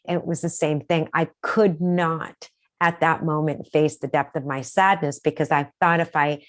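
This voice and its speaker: A woman host with a notably low voice talks reflectively with her guest. She is empathetic and steers the conversation with probing questions. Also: steady tone, normal speed. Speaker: podcast host. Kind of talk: conversational interview.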